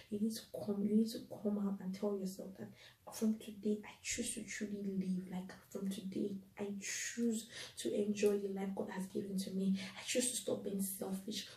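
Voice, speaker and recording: A woman delivers an inspirational faith talk, earnest and pleading, circling back to repeat her key phrases. Her tone is mellow and soft-edged. She sounds set back from the mic in a room with noticeable echo. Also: mid-range voice, distant mic. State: tearful at times. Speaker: podcast host.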